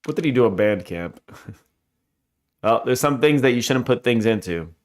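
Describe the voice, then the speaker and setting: A man's voice: medium pitch, lively intonation, moderate pace. A man streaming a video game live and making casual, joking asides with frequent laughs. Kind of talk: casual gameplay commentary.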